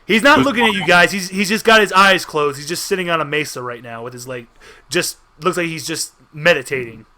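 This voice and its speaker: A man's voice: fairly high pitch, animated, a little fast, bright, forceful tone. A man narrating a tabletop game as game master, in an easygoing way with frequent restarts.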